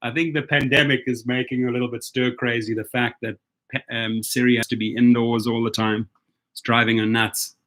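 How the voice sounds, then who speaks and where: A man's voice: mid-range voice, flat delivery, a little fast, a bit bright. A man hosting a casual live stream for drivers, upbeat and chatty, greeting viewers by name.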